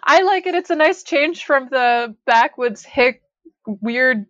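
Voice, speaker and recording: A woman's voice: high voice, animated, takes it slowly, a bit bright, no room sound. A woman from Canada, chatting and teasing on a podcast, laughing often. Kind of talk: casual chat. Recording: muffled dry lo-fi audio.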